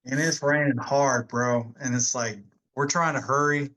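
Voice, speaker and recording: A man's voice: mid-range voice, fairly even intonation, a little slow, bright, forceful tone, slight background noise, low-quality recording. A man in his forties, an army veteran telling rambling stories in a casual interview, laughing often between many fillers. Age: 40s.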